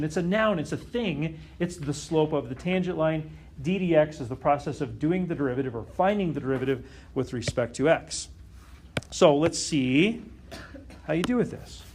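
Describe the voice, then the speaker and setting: A man's voice: on the high side, slight background noise. A man teaching a calculus lesson to a class, often stopping to question the students and check that they follow. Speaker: math teacher.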